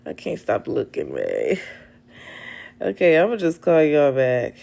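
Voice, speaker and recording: A woman's voice: on the low side, huge pitch swings, unhurried, vocal fry, dark tone. A young woman hosting a casual livestream on her phone, talking bluntly to her viewers with plenty of swearing and exasperation. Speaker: livestream host. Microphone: phone camera.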